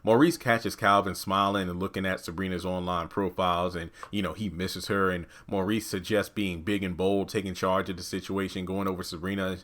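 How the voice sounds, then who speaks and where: A man's voice: level tone, brisk, few pauses, fairly bright tone. A man giving a casual review of a TV episode, exasperated, ranting and swearing freely. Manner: jumps into quoted lines with raised pitch. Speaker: TV show reviewer.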